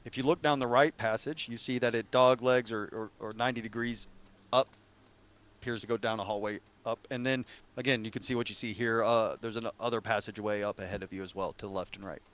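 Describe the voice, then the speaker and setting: A man's voice: lowish voice, fairly even intonation, fast talker, a bit bright, dull audio. A man narrating as game master of a tabletop game, describing passages in a rambling, self-correcting way.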